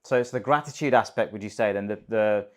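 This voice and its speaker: A man asks questions softly and agreeably, reading them out for an audience. He hedges his wording as he goes. He sounds calm and accommodating. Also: on the low side, fast talker. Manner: gentle, agreeable, hesitant phrasing. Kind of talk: soft interview questions.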